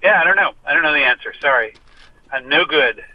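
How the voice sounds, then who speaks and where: A man's voice: a little high, expressive, brisk. Wry stammering man on a muffled phone line. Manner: stammering, wry and self-deprecating. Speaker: guest musician. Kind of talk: casual phone interview. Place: parked car. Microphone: phone call.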